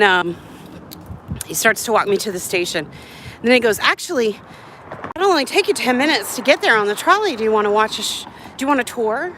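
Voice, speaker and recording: A live-streamer is outdoors on a hot city street, telling a story in a fairly high, slightly bright voice. She sounds breathless and chatty, acting out other people's lines as she goes. The recording is rough, with a little hiss or hum.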